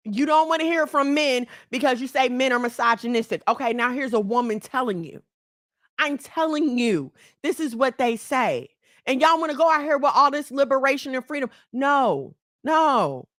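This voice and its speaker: Middle-aged woman ranting at the ladies on her channel, high voice, real dry sound, blunt and animated. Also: moderate pace, dry recording. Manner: blunt, scolding, animated, breaks into laughter. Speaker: channel host. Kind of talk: preachy commentary to women.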